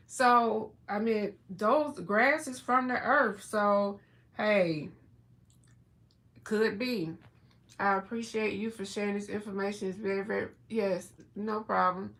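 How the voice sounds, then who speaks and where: A woman hosting a casual livestream from home, chatting and reading food labels aloud in a drawn-out way with plenty of fillers. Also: medium pitch, a bit bright. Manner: chatty, slow, drawn-out words, many fillers. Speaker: livestream host.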